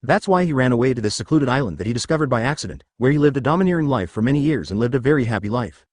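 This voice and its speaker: Lively, dry synthetic male storyteller. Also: medium pitch, rapid-fire, no echo. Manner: reads censored words out as asterisks. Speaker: narrator. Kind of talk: synthetic audiobook narration.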